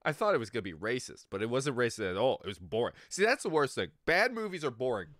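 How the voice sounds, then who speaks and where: This livestreamer talks fast, his mid-range voice swinging widely in pitch with a fairly bright tone. The recording is dry and studio quality as he rambles crudely to chat viewers, frequently breaking into laughter.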